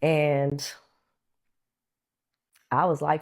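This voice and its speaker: A woman with a low-pitched voice recounts a memory in a relaxed, chatty way. She animates the story by putting on other voices for the people she quotes. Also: unhurried. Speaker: interview guest. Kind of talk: casual storytelling.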